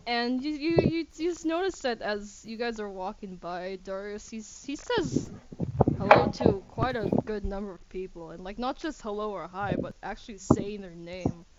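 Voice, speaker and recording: A woman's voice: mid-range voice, animated, a little slow. A woman narrating a tabletop game as game master, chatty and stammering, with a light giggle. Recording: muffled lo-fi recording with noisy hiss.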